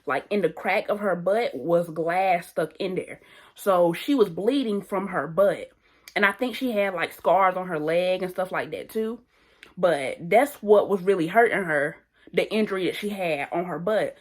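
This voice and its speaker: A young woman vlogger telling a story in a casual, animated and slangy way, often repeating phrases. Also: on the low side, moderate pace. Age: young adult.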